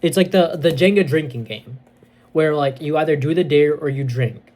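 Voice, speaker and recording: A man with a fairly high voice retells a film's plot as a casual reviewer. He is excitable and rambles, full of fillers and restarts. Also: moderate pace. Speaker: movie reviewer.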